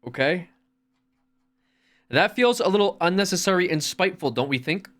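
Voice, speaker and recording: A man's voice: high voice, lively intonation, normal speed. A man streaming a game, chatting casually and reading viewer messages aloud. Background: loud background music.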